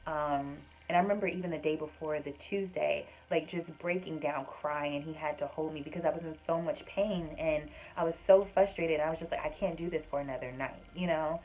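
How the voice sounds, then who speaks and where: A woman's voice: low-pitched, steady tone, a little fast, hardly any pauses, darkish tone, low-quality recording. A woman vlogger telling a personal story in a casual, earnest, chatty way, with many fillers. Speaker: vlogger and homemaker.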